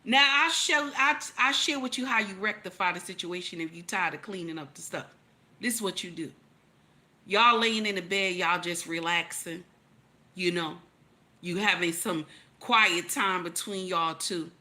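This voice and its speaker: A woman's voice: mid-range voice, normal speed, pushed and bright. Emphatic woman giving relationship advice. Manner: emphatic, repeats lines for effect, teasing rhetorical questions. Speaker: relationship commentator. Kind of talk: animated relationship advice commentary.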